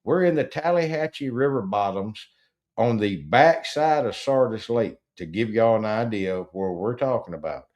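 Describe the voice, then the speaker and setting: A man's voice: on the low side, animated, normal speed, darkish tone. A man telling a rambling, profane, folksy story in casual chat, with frequent stammered restarts. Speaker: podcast host.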